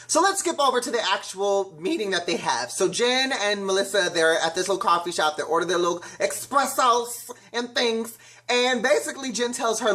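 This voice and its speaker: A man's voice: high voice, expressive, a little fast, bright, forceful tone. Sassy, blunt man reviewing reality TV. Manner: sassy, blunt, slangy commentary. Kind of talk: casual review vlog.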